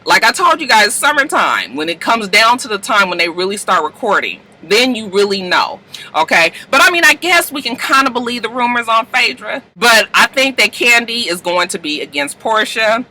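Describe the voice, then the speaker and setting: Bright, brash woman recapping reality TV. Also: low-quality recording. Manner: chatty and brash, swears freely, jumps to high-pitched outbursts. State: wired on coffee, talking fast. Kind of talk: casual rambling commentary.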